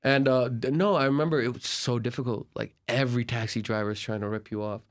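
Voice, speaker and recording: An American man, a podcast guest, telling travel stories in a casual, animated way, laughing and acting out the people he quotes. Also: mid-range voice, quick pace. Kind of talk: casual storytelling.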